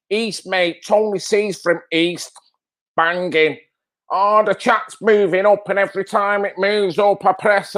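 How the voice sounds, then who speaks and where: Slow-talking Mancunian man on a live stream. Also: high voice. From North Manchester, England. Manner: banter, swearing, reacting to viewers by name. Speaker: livestream host. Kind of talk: live-stream chat reading.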